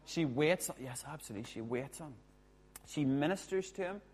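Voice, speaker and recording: A man preaching a sermon as a pastor, chatty and jokey with quick asides. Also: a little high, expressive, a little mellow.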